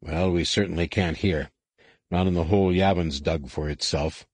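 A man's voice: low voice, fairly even intonation, normal speed, darkish tone, breathy edge, no room sound. A man voicing a confident, wry male starship captain in an audiobook, giving orders with dry humor. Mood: commanding.

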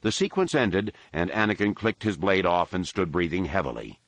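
A man reading a novel as narrator, in steady, even storytelling. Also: sits low, normal speed, no room sound. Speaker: audiobook narrator. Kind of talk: scripted narration.

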